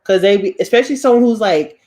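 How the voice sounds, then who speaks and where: A woman's voice: medium pitch, fast. A woman from Boston with a Boston accent and a slight Southern drawl, co-hosting a casual chat and telling candid stories, acting out other people's lines as she goes. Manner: candid, animated storyteller acting out quoted voices. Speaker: podcast co-host.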